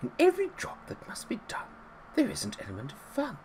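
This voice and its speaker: A man putting on a high falsetto impression of a cheerful British nanny, sing-song and prim. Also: wildly swooping pitch, very fast, darkish tone, a little hiss or hum. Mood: cheery.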